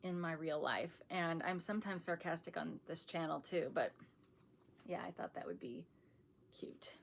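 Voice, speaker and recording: A woman's voice: on the low side, normal speed, vocal fry, slight background noise. A middle-aged woman chatting casually on her channel as she shows off a shopping haul, rambling and laughing often, and calling herself sarcastic. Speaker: vlogger showing a shopping haul.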